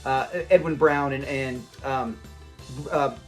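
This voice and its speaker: A man's voice: mid-range voice, fairly even intonation, slow pace, soft background music. A man hosting his own channel, chatting casually and enthusiastically about a classic sitcom in a rambling way. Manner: enthusiastic and rambling, with frequent restarts and quoted lines. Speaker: channel host.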